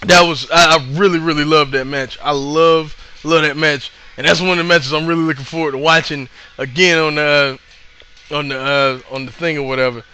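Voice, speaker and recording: A man casually recapping a live show he attended, rambling and excitable with lots of fillers. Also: on the high side, fairly quick, smooth.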